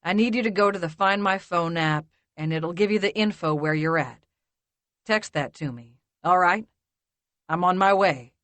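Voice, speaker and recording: A woman voicing a protective young man who speaks in a smooth, calm, soothing drawl. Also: on the low side, normal speed, dry recording, close to an everyday voice.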